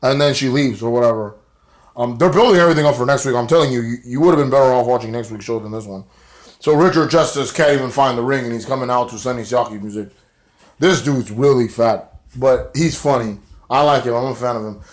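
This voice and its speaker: A man's voice: mid-range voice, quick pace. A man giving a casual, profane, slang-heavy recap of a television show. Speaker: show reviewer. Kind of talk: casual video review.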